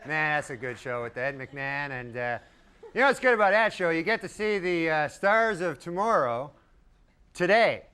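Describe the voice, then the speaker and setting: A man doing a stand-up comedy set in a deadpan, rambling way with long asides. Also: a little high, moderate pace, smooth. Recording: live club recording with crowd laughter and noise. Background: audience laughing.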